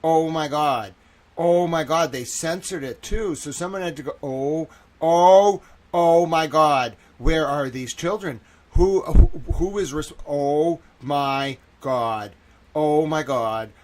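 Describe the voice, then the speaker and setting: This host of a live reaction stream takes it slowly, cursing freely and alternating between low muttering and loud exclamations.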